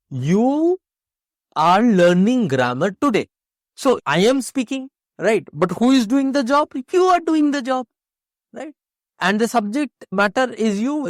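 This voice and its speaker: A man's voice: high-pitched, no room sound, clean studio sound. A man teaching an exam-prep grammar lesson, explaining step by step and asking and answering his own questions.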